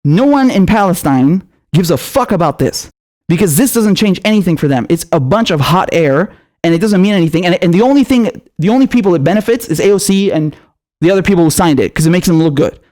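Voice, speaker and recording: A young man with a fairly high voice rants about politics, hurling profanity and sarcasm. His pitch keeps jumping up when he gets heated, and he fires rhetorical questions one after another. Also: animated, brisk, a little mellow. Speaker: political commentator. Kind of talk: ranting political commentary.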